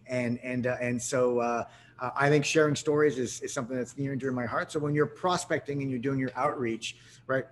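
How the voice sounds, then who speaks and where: Energetic Canadian man hosting a webinar. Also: mid-range voice, fairly quick, a little hiss or hum. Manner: energetic, animated, with many restarts and fillers. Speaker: webinar host. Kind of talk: live webinar presentation.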